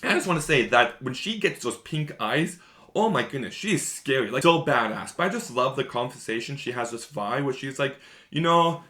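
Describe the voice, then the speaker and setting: A man's voice: medium pitch, expressive, fairly quick, sharp tone. A man giving a casual, rambling spoiler review of a show, enthusiastic and repeating himself often.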